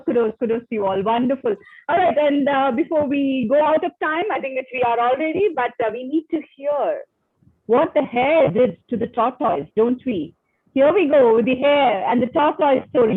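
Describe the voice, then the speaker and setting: A woman's voice: high-pitched, husky, no room sound. A woman hosting an online club session, effusive in her praise and repeating phrases. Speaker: session host. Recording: tinny phone-like video call.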